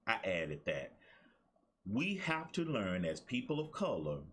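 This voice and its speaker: A man's voice: fairly low pitch, very animated, measured pace, a bit bright. A man hosting a casual commentary show, talking conversationally and repeating his points. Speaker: host.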